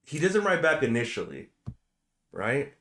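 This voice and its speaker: A man casually retelling a film's plot on a podcast, animated and joking. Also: medium pitch. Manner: animated retelling, quick jokes. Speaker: podcast host. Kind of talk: casual movie discussion.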